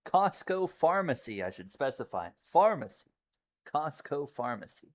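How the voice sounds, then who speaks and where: In a fairly high-pitched voice and at a slightly slow pace, a man rambles through live commentary on his racing game while chatting with viewers. When the racing gets close, he breaks into loud, excited yelling.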